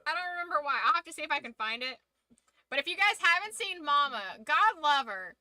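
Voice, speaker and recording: A woman streamer hosts a watch-along, chatting casually with her viewers in a rambling way, swearing freely and trailing off mid-thought. Her voice sits high with lively intonation, and she talks fairly quickly in a pushed, bright tone. The low-quality recording has no room sound.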